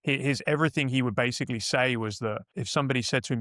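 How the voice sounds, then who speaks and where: A middle-aged man with a British accent talks through his career in a loose, meandering way, often restarting his sentences. His voice sits at an ordinary pitch and is recorded dry and close, with no room around it. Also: rapid-fire, a bit bright, no room sound. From United Kingdom. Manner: rambling, self-correcting anecdotes. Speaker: podcast guest. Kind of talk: casual interview storytelling.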